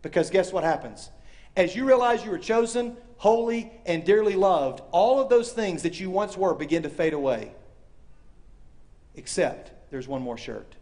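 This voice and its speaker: A man with a high, light voice preaches a sermon to a live audience. He is animated, acts out the voices in his story, and swings from loud calls to hushed, quiet lines. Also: normal speed. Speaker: speaker. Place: university chapel or hall with audience.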